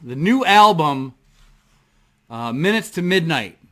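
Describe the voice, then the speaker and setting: A man vlogging from his home desk, telling a story in a rambling, excitable way, full of fillers and the odd swear word. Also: fairly high pitch, slow pace. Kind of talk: casual storytelling to camera. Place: home desk in front of a computer.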